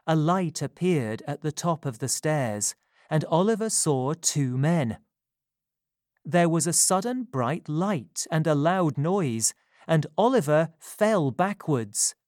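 Slow, careful storybook reader. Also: mid-range voice, a little mellow, no room sound, clean studio sound. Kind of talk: scripted storybook narration.

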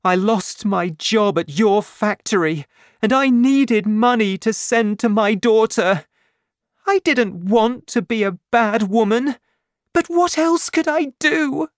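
A man's voice: sits high, flat delivery, measured pace, few pauses, dark tone, smooth, no echo, clean studio sound, voice pushed up. Man voicing Fantine, a frantic young woman. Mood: bitter, accusing. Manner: pleading, near tears.

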